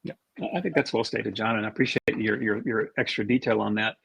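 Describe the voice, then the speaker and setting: A man's voice: on the low side, fairly even intonation, quick pace, vocal fry, a bit bright, slightly rough, no echo, rough recording. A man moderating a conference talk and running the questions, speaking steadily with frequent restarts and ums. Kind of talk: conference talk over video.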